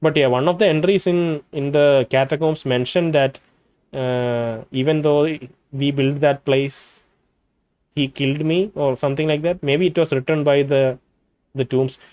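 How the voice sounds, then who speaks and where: Man, slightly high voice, reads game text aloud, laughs often, dry close mic. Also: fairly even intonation, unhurried, a little mellow, no room sound. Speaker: gamer reading game dialogue aloud. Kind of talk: let's play commentary, reading text aloud.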